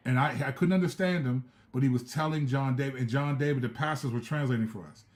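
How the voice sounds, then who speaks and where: A middle-aged man, a preacher and live-stream host, telling a testimony story in a casual, animated way with slang and asides. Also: medium pitch, quick pace.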